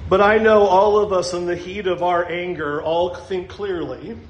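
A man's voice: sits high, steady tone, normal speed, echoey room, highs cut off. A male pastor preaching a sermon in a conversational way, often chuckling as he makes his points.

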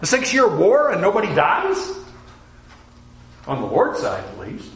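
A male preacher delivers his sermon with a high, very animated voice that leaps up and drops suddenly to a hush as he acts out quoted voices. The recording carries a roomy echo around him. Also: a little slow.

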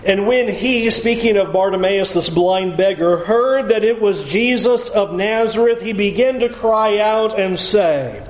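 A man's voice: high-pitched, unhurried, few pauses, echoey room, rough recording. A male pastor preaching a sermon with emphasis, urging listeners to picture the scene.

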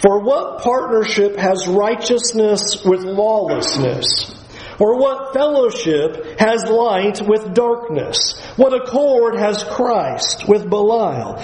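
A man preaching a sermon, earnest and emphatic, at times dropping to a low, quiet voice. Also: animated, slow pace, roomy sound, low-quality recording.

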